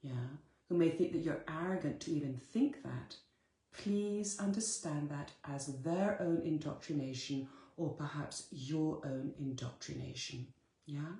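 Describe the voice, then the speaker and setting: A woman's voice: deep voice, measured pace, warm tone, echoey room. A woman giving a live-streamed motivational talk, earnest and direct, repeating her key phrases to her listeners. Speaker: spiritual coach.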